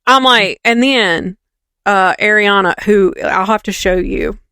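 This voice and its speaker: Unhurried and smooth, this woman's medium-pitched voice carries her gossipy recap of a reality show as a podcast co-host. She chats casually and animatedly, performing the quotes herself, in a dry recording.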